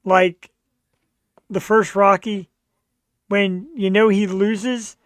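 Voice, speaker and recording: Male talk host, bright voice, animated and jokey. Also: sits high, extremely slow, no echo, clean studio sound. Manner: animated storyteller, jokey and self-mocking. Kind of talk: casual chat.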